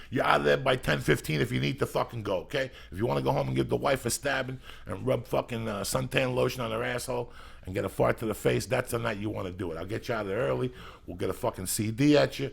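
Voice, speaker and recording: A middle-aged man hosting a podcast, rambling loudly and swearing heavily in comedic banter. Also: medium pitch, fast talker. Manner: loud, rambling, heavy swearing, gravelly and raspy. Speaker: podcast host.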